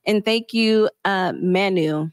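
A woman's voice: medium pitch, slow, no room sound. Polite woman reading questions. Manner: polite, reads questions aloud. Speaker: co-host reading viewer questions. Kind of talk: live stream Q&A.

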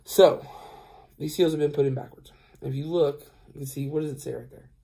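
A tired trucker tells a rambling story to the camera for a casual vlog, acting out both sides of the conversation and packing in plenty of fillers. His voice is fairly high and quick, with a steady, warm tone and some vocal fry.

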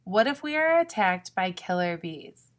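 A woman's voice: medium pitch, very animated, a little slow. A woman doing a fretful, worrying raccoon. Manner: hesitant, fretful, dramatic. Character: nervous worrying raccoon, full of what-ifs.

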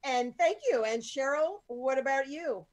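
A woman podcast host chatting casually over a video call, rambling through quick anecdotes. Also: sits high, background noise. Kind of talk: casual chat.

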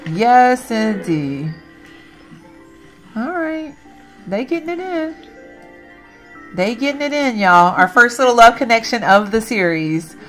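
A woman's voice: on the high side, expressive, unhurried, fairly bright tone, soft background music. A woman hosting a let's play, chatting to her viewers as she plays and laughing at herself. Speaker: gaming channel host.

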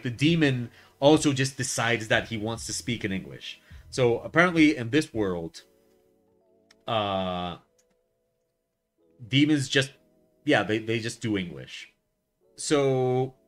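A man chatting casually on a live art stream, rambling with lots of fillers and restarts and telling things in a wry way. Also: medium pitch. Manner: wry, lively storytelling. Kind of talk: casual chat while drawing on stream.

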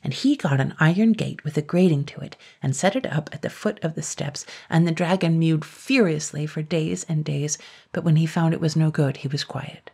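A woman narrating a classic children's story in a calm, even storytelling manner. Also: low-pitched, normal speed, gravelly, breathy edge. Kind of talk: scripted narration.

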